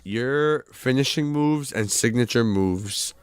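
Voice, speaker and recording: A man's voice: mid-range voice, slow pace, smooth. A man hosting a casual podcast interview, teasing his guest and laughing as he reads out. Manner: teasing, laughs often while reading. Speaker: podcast host.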